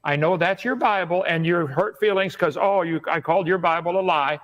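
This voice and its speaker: High-voiced lecturing man. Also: brisk, dull audio, a crowd in the background. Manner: lecturing, assertive. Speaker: debate guest. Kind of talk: debate argument.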